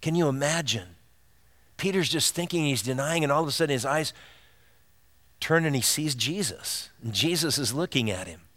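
A man's voice: fairly high pitch, lively intonation, moderate pace, a bit bright. A man preaching a sermon as pastor, earnest and direct, asking his listeners rhetorical questions. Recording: long reverb of a large hall.

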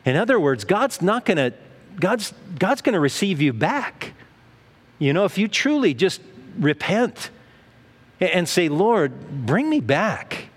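A man's voice: sits high, big pitch swings, measured pace, long pauses, big-room sound. A man preaching a sermon in a conversational way, asking rhetorical questions and acting out what people say. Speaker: pastor.

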